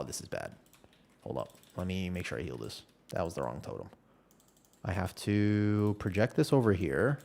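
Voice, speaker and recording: Male streamer, casual and rambling, pitch low but very expressive, talks while playing. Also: creaky. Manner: animated rambling storytelling, many restarts. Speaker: live streamer.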